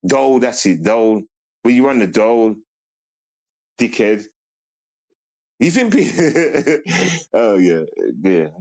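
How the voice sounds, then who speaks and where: Animated, profane man ranting on stream. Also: mid-range voice, takes it slowly, pauses often, rough recording. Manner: profane, repetitive, confrontational; rambling with stammered restarts. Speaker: livestreamer. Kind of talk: live stream rant at chat.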